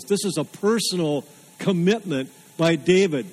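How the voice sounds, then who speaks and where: Guy preaching a sermon, earnest n emphatic, repeats lines, kinda high voice. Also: lively intonation, unhurried, long pauses, a little mellow, low-quality recording. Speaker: pastor.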